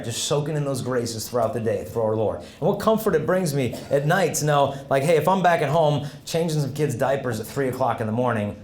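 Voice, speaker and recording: A man's voice: medium pitch, darkish tone, roomy sound. A man giving a humorous faith talk to students, telling stories with voiced quotes and laughter. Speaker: Catholic speaker. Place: large hall with audience.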